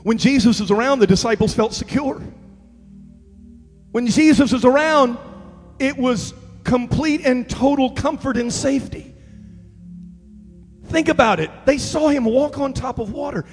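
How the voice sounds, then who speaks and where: A man preaching a comic sermon, telling stories in a chatty way that builds to shouting. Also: very high voice, measured pace, long pauses, in a large hall, soft background music.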